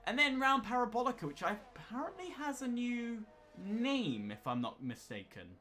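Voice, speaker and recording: Bright-voiced man explaining a race track. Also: very high-pitched, very animated, moderate pace. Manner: explanatory, technical. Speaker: co-commentator. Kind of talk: esports race commentary.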